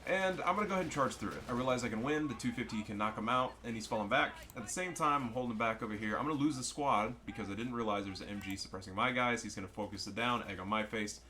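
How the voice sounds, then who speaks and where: A man's voice: medium pitch, fast talker, hardly any pauses, bright, forceful tone. A man giving casual, joking and profane commentary over a strategy game match. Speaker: gameplay commentator.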